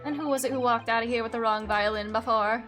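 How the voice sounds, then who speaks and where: A woman's voice: on the high side, steady tone, fast talker, music in the background, close to an everyday voice. A woman voicing a precise, stubborn older male pawnbroker in a video game, speaking formally. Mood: fussy. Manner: formal, clipped pronouncements.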